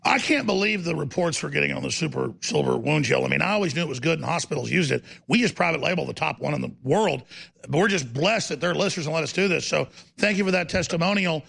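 Animated man hosting talk radio. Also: fairly high pitch, fast talker, gravelly, breathy edge. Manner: animated, jokey, slips into silly impressions. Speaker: radio talk show host. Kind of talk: rambling talk radio banter.

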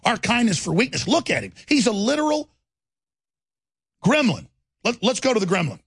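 A man's voice: high-pitched, sing-song, moderate pace, long pauses, breathy edge. A male talk radio host giving heated, combative political commentary in a ranting style. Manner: ranting, combative, repeats words.

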